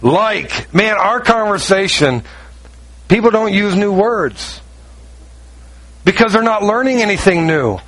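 A middle-aged man preaching a sermon, high-strung and animated, telling stories with quick asides. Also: low-quality recording. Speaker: pastor.

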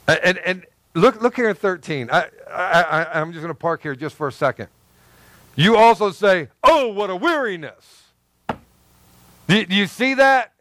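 A man, a pastor, giving an animated, conversational sermon with repeated phrases and acted-out asides. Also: high-pitched, normal speed, no room sound.

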